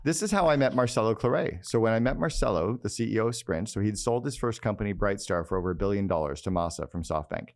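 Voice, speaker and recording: A middle-aged man, a guest business mentor on a podcast interview, telling candid, energetic anecdotes. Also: fairly low pitch, quick pace, few pauses.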